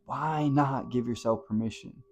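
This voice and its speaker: A man speaking to camera in a slow, deliberate motivational talk. He is impassioned and blunt, with casual swearing, and his voice swings from hushed to loud. His pitch sits in a middle range. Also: a little hiss or hum.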